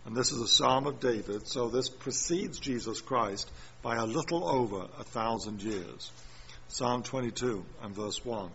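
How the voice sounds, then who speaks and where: A man's voice: medium pitch, unhurried, vocal fry, a bit bright. A man preaching a sermon, reading scripture and repeating chapter and verse. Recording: muffled recording with faint room noise.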